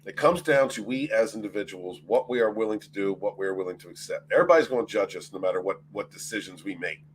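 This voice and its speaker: A man's voice: fairly low pitch, fast, a little hiss or hum. A man hosting a casual livestream, greeting his chat by name, laughing often and swearing freely. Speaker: livestream host.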